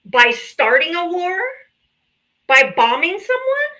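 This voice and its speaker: A woman's voice: very high-pitched, big pitch swings, slow, bright, forceful tone, rough recording. A woman hosting a live political debate stream, combative, sarcastic and heavy on profanity.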